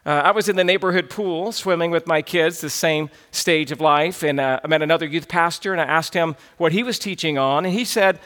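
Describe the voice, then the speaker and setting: A man in his thirties, a pastor telling stories in an animated sermon. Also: on the high side, brisk, hardly any pauses. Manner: animated, quotes others in put-on voices. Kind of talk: sermon storytelling.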